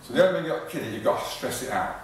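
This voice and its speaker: His mid-range voice swings widely in pitch and moves very fast, with a crowd audible behind him. The man, a fitness trainer, gets out of breath mid-exercise during an informal live talk, doubling back on words and restarting sentences. It's an echoey, far-off recording made in a large hall before an audience.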